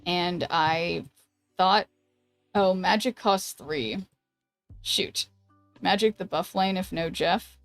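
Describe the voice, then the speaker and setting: A woman streamer chatting casually while she plays a card game, thinking aloud and greeting viewers, with a voice that is going hoarse. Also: on the low side, slow, pauses often, no room sound, faint music behind. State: losing her voice. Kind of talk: casual gameplay commentary.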